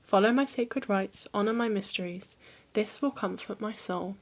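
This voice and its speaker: A woman's voice: medium pitch, moderate pace, close to an everyday voice. A woman reading as a stern grieving goddess mother. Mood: commanding. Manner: stern and commanding.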